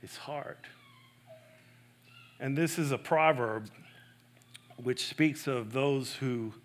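A man preaching a sermon in an earnest, emphatic way. He swings between loud stresses and soft, hushed asides. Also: mid-range voice, slow pace. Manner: self-correcting, personal and earnest.

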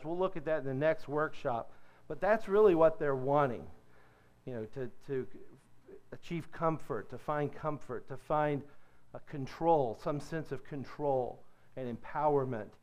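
A man's voice: on the high side, moderate pace. A middle-aged man from Kentucky, an addiction counselor teaching a church workshop in a conversational way and asking his audience questions. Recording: dull lo-fi recording.

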